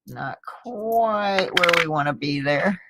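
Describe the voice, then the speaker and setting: A woman's voice: fairly low pitch, expressive, takes it slowly, very noisy. A middle-aged woman chatting casually to viewers from home, rambling and laughing a little as she sorts coins. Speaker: coin roll hunting vlogger. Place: home, indoors.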